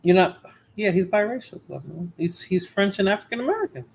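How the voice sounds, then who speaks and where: A woman's voice: mid-range voice, lively intonation, a little fast, gravelly, a little mellow, a little hiss or hum, poor audio. Woman livestream host, loose and sleepy chat with viewers, mid-range voice. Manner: chatty, talks to viewers in chat by name; drowsy, rambling with fillers and restarts.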